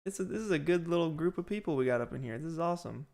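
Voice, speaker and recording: An excitable man hosting a casual livestream, slangy and quick to laugh. He calls his friends dude. His pitch bounces widely as he talks. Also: vocal fry. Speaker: livestream host.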